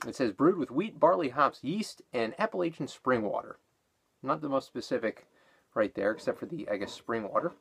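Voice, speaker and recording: A man's voice: mid-range voice, expressive, moderate pace, creaky, a bit bright, breathy edge. Rambling, breathless man reviewing a beer. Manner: rambling, with many fillers and self-corrections. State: out of breath after exercise.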